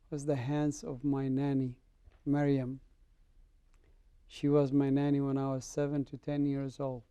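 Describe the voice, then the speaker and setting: A man's voice: medium pitch, measured pace, clean tone, no echo. A middle-aged man from the Middle East, a guest telling his conversion story in an interview and acting out the dialogue. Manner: animated storyteller, acts out dialogue. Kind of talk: personal testimony in an interview.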